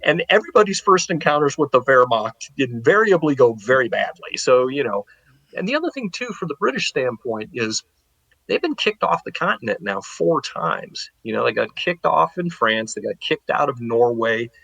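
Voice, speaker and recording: A man, a guest historian, telling war history in a relaxed, animated way and acting out the people he talks about. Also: mid-range voice, moderate pace, creaky, slightly rough, dry recording, poor audio. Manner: animated, acts out historical figures in paraphrase. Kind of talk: casual spoken history storytelling.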